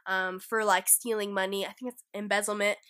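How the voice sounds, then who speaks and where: A woman's voice: mid-range voice, little pitch movement, fairly quick, a bit bright. A woman with a cough, retelling a true-crime case in a casual, rambling way with lots of fillers. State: sick, coughing between lines. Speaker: guest storyteller.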